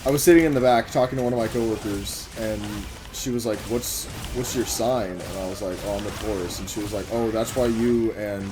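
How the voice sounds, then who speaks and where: A man rambles through a story about his job between comments on the game he is playing, swearing freely as he goes. He is getting over a cough. Music plays clearly underneath his voice. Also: lowish voice, steady tone, a little fast, few pauses. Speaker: gaming vlogger telling a work story.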